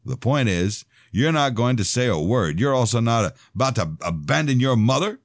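A man playing a cold, controlling older preacher who speaks in a booming, stern way. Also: big pitch swings, normal speed, no room sound, studio quality. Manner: stern, calculating.

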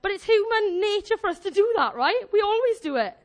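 A woman giving an informal, energetic sermon to her church, joking and demonstrating as she talks. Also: extremely high pitch, fairly quick. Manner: energetic, animated, jokey. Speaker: church speaker.

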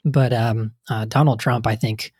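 A man's voice: mid-range voice, steady tone, measured pace, a little mellow, breathy edge, no echo, clean studio sound. A man in casual political chat, speaking hesitantly with frequent "you know" and "um.".

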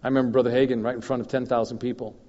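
Animated man preaching in an echoey hall. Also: medium pitch, racing. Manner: animated storyteller, chuckles, mouth sound effects. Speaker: guest minister. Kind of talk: sermon with personal storytelling. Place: church meeting hall. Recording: dull echoey church hall recording.

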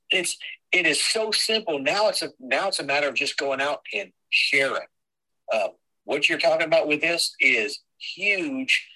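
A man's voice: mid-range voice, bright, forceful tone. Folksy man on a phone line. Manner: folksy, rambling, addresses listeners as y'all. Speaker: team leader closing a sales call. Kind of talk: casual closing remarks on a video call. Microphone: phone on speaker. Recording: phone call audio.

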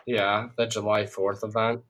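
A man's voice: lowish voice, flat delivery, unhurried, a bit bright. A man co-hosting a casual football preview, loose and easily surprised, laughing often. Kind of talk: casual sports chat.

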